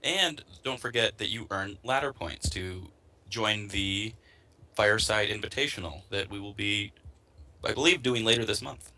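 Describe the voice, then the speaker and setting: Male co-caster, low-pitched but bright and edgy tone, wry and composed. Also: moderate pace. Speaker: tournament co-caster. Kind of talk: casual esports casting.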